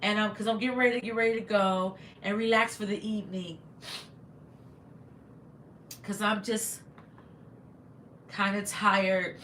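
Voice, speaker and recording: A woman's voice: mid-range voice, steady tone, a little slow, long pauses, a bit bright, slight background noise. A woman hosting a casual livestream, reading viewer comments and thanking them over and over, sounding a little congested. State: slightly congested. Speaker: livestream host. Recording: echoey room.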